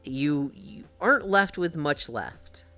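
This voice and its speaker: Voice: medium pitch, lively intonation, slow pace, fairly bright tone, soft background music. A young adult streamer from the United States, chatting casually at home with viewers, laughing often and swearing freely. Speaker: live streamer. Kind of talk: casual live-stream chat, answering chat.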